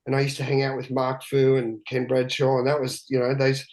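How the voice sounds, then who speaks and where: A man talking as a podcast guest, telling a story in a loose, rambling way. He swears freely and keeps restarting his sentences. His voice sits at an ordinary middle pitch. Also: monotone, a little fast, a little mellow, poor audio. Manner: rambling, profane, lots of restarts and fillers. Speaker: guest, big-wave surfer. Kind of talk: candid storytelling chat.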